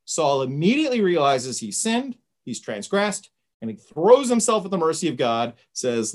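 A woman's voice: low voice, sing-song, normal speed. Woman teaching bible study, chatty asides, voice goes all over the place. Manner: conversational, retelling with asides.

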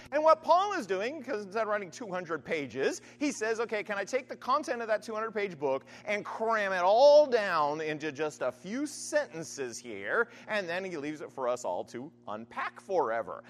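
Animated conversational preacher, wide-ranging pitch. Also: male voice, in a large hall. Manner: animated, conversational, frequent "right?" asides. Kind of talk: sermon.

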